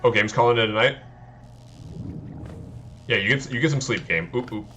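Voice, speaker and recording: A man's voice: mid-range voice, moderate pace, bright, forceful tone, faint music behind. A man streaming a video game, chatting casually and poking fun at his own play while answering his viewers. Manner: self-deprecating, talks to chat. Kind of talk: casual let's-play chat.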